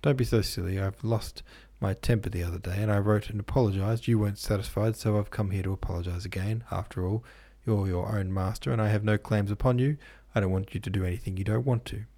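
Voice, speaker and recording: A man reading the part of a hurt young woman pleading with the man she loves, in a soft, earnest voice. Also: on the low side, fairly even intonation, fast, hardly any pauses.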